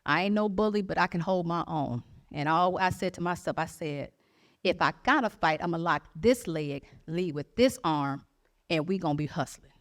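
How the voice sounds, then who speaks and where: A woman's voice: fairly low pitch, lively intonation, normal speed. A woman stand-up comedian from Michigan telling a brash, profane story and acting out the quotes along the way. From Jackson, Michigan, USA.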